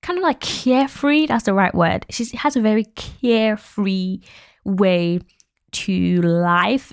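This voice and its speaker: A woman's voice: mid-range voice, no room sound, studio quality. A young woman hosting a podcast, giving frank, opinionated commentary in a chatty way, laughing often and using lots of fillers. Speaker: podcast host.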